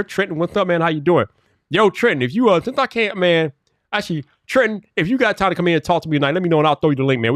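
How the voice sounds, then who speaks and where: A chatty man hosting a live stream, greeting each viewer by name in a fairly high voice. He laughs easily and mutters to himself between greetings. The sound is close and dry. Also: no echo. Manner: mutters to himself while fixing software. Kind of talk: casual live stream chat.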